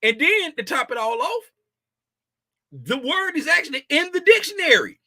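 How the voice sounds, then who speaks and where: A man's voice: very high-pitched, very animated, normal speed, pushed and bright, no echo. A man in his fifties hosting a casual trading livestream, joking and slangy and laughing often. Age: 50s.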